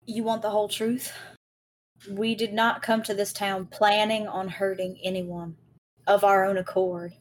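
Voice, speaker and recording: A woman voicing a young woman turned into a mushroom, crying as she speaks. Her pleas are slow, formal and earnest. The voice stays close to an everyday speaking voice. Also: medium pitch, flat delivery, reverberant, distant mic, a little hiss or hum, natural voice, poor audio. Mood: tearful pleading.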